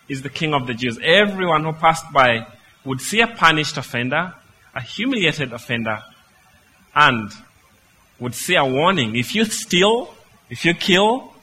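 A man's voice: on the high side, pushed and bright, husky, poor audio. A man preaching a sermon, speaking emphatically and putting rhetorical questions to his listeners.

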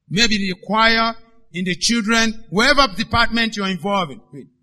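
A man preaching a sermon as a pastor, emphatic, swinging between loud declarations and hushed asides. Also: sits high.

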